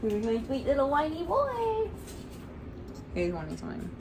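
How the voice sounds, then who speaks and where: A woman using baby talk with her whiny little dog, high and sing-song. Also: huge pitch swings, unhurried, background noise, full character voice. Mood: cooing.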